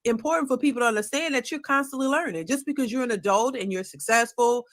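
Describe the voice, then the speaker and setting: Middle-aged woman panelist, fairly high voice, earnest and preachy, repeats herself. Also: fast talker. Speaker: panel guest on a relationship talk show. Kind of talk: casual opinion talk.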